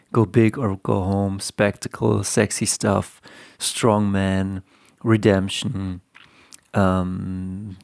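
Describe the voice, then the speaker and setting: A man with a low, gravelly voice talks through a comic story at an unhurried pace. His delivery stays flat and hesitant, full of ums and restarts. The sound is close and dry. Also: no echo. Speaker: comics teacher and host. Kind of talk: casual retelling of a comic story.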